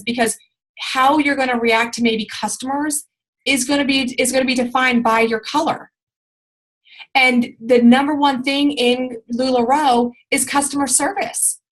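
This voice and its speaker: A woman's voice: high voice, rough recording. Chatty woman giving a rambling training talk. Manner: rambling, with many fillers and restarts. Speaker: sales team trainer.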